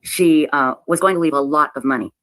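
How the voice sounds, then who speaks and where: A woman telling a personal story in a halting, emotional way, often repeating herself and close to tears. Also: low voice, fairly bright tone, no echo, low-quality recording. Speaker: website owner telling her story. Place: played clip of a livestream.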